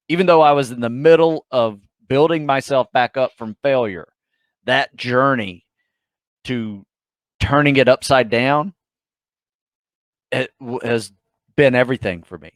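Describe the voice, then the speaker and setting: A man's voice: mid-range voice, unhurried, long pauses, no echo. Enthusiastic co-host, a man, dry sound. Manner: enthusiastic, uses fillers, trails off softly. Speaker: podcast co-host. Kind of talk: casual chat.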